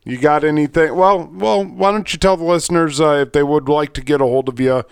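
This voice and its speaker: A man hosting a casual fishing interview, laid-back and quick with short agreeing replies. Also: fairly high pitch, gravelly, smooth, no room sound, studio quality. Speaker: podcast host.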